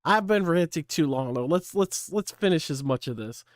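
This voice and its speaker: A man's voice: on the high side, expressive, normal speed, no room sound, studio quality. A man hosting his own channel, scolding someone bluntly in a profane, ranting commentary. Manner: blunt, scolding, heavy swearing. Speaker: channel host.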